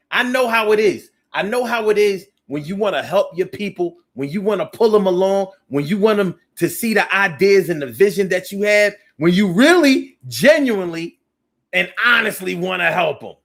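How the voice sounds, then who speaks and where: Guy hosting a call-in show, kinda high voice, slangy, preachy, repeats himself a lot. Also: moderate pace. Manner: animated, preachy, repeats phrases for emphasis; loose, slangy speech with many restarts. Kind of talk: live call-in talk show, reading viewer comments.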